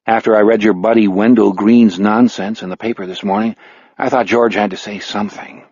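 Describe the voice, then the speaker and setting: A man voicing a blind, dry-witted older man in an audiobook, measured and blunt, with a husky tone. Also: fairly low pitch, fairly even intonation, a little mellow, no echo, lo-fi sound. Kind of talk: audiobook character voice.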